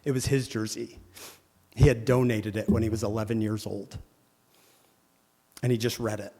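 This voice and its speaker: A man with a lowish voice speaks at normal speed in a church hall, the sound big and roomy. Teaching his congregation through storytelling, he animatedly acts out each quoted person.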